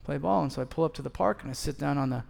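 Long hall reverb surrounds this recording of a pastor in his thirties giving a sermon. He narrates a story and acts out each side of the dialogue in a slightly high, gravelly, somewhat mellow voice at a very fast pace.

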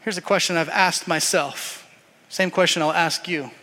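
A man preaching a sermon as pastor, telling the story in a lively way and acting out voices. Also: a little high, normal speed, in a large hall. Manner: animated storytelling, acts out voices.

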